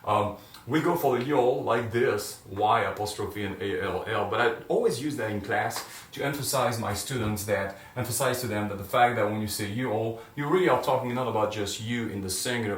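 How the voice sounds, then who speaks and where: A man's voice: fairly low pitch, brisk. A man teaching a grammar lesson in a classroom, explaining step by step and checking in often with "right?" and "okay?". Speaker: Spanish teacher. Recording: echoey room, mic at a distance.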